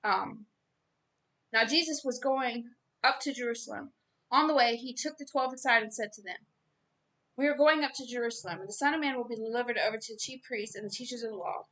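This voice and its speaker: A woman giving an informal Bible reading and sermon, earnest and growing loud and emphatic as she preaches. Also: on the high side, fairly quick. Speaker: self-styled preacher.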